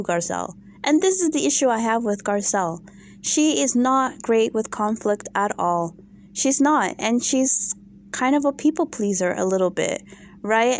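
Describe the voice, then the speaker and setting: A woman giving casual opinion commentary on a reality show, exasperated and animated, firing off rhetorical questions. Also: sits high.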